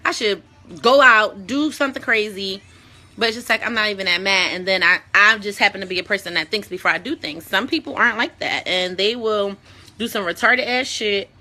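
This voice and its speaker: A woman with a bright, clear voice hosts a casual talk vlog. She speaks bluntly and conversationally, swears freely, and. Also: mid-range voice, brisk. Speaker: show host.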